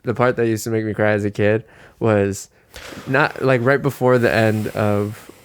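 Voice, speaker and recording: A man co-hosting a podcast in casual chat, telling stories with lively quoted voices. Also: moderate pace, clean tone. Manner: animated storytelling, acts out quotes with big pitch jumps. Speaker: podcast co-host.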